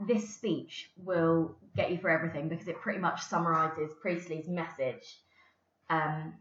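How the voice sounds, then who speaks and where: A woman's voice: fairly low pitch, a bit bright. A woman English teacher giving a recorded lesson, explaining patiently with the odd filler. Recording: roomy, dull lo-fi recording.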